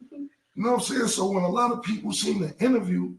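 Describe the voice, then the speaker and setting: A gravelly, somewhat high-voiced man talks bluntly and profanely, circling back to the same points. He sounds set back from the mic in a roomy, echoing space. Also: quick pace. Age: 40s. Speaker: interview guest. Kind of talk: casual storytelling. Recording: roomy echo, mic at a distance.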